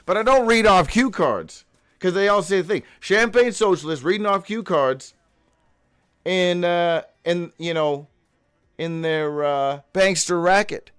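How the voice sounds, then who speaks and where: High-voiced man ranting, whooping. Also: a little slow, fairly bright tone, clean tone. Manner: profane, free-associating, with sudden whoops; reads aloud from his own notes, stumbling. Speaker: host of a daily live show. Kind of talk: rambling live monologue.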